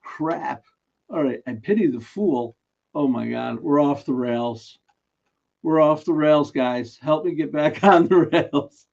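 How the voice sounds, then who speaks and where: A man hosting a casual live stream where he runs a daily trivia guess, speaking slowly in a slightly high, a little mellow voice with vocal fry. He's chatty and self-mocking, often laughing mid-sentence, and the stream audio is dull and lo-fi.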